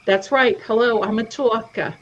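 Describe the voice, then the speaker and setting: A woman's voice: fairly high pitch, normal speed, fairly bright tone. A middle-aged woman hosting a livestream, chatting casually and telling stories. She acts out the voices of the people she quotes. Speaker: livestream host. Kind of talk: casual storytelling chat. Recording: dull lo-fi stream audio.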